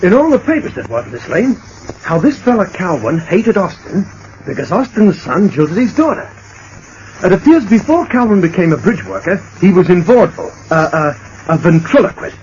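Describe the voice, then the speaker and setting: Direction: play a talkative, stammering sidekick with an Australian accent; old radio recording with hiss. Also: male voice, high-pitched, moderate pace. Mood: chatty. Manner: stammering, excitable. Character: excitable working-class male sidekick, talkative. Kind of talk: 1940s radio acting. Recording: dull old radio transcription with faint hiss.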